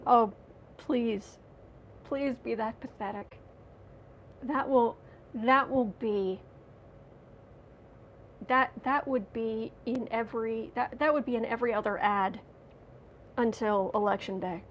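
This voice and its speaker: A woman's voice: on the high side, fairly even intonation, a little slow, pauses often, a little hiss or hum. A woman hosting a livestream as a tarot reader, chatting casually and sarcastically while reading out viewer comments.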